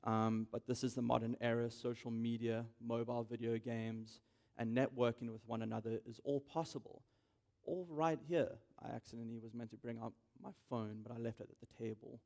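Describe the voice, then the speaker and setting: A man's voice: medium pitch, fairly even intonation, fairly quick, vocal fry, dark tone. A young man giving a prepared welcome speech on a conference stage, hesitant, with frequent ums. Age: young adult. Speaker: event organizer giving welcome.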